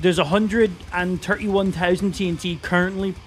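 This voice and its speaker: A man with a fairly high voice talks through a live game stream in a loose, chatty way. He narrates what he is doing and curses freely when frustrated. Faint music sits under his voice. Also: fairly even intonation, moderate pace. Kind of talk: live gameplay stream commentary.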